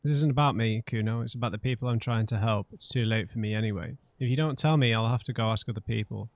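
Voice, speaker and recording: A man's voice: medium pitch, quick pace, dry recording. A man narrating his own playthrough in a dry, close recording, reading dialogue options aloud as he goes. He fumes and grumbles about his failed choices, with no room sound around him. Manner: reads choices aloud, frustrated and exasperated. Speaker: let's play host. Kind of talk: gameplay commentary.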